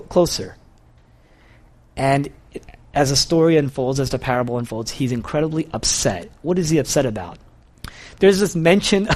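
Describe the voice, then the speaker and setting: A man preaching a sermon in a fairly high voice. His pitch swoops up and down all the time as he tells the story with animation. He often says key phrases twice to drive them home.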